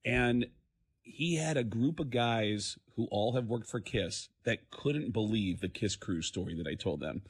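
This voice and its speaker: A male comedian, a guest on a radio show, telling animated stories and acting out the quotes in different voices. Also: on the low side, unhurried, husky. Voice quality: acts out quotes in many voices.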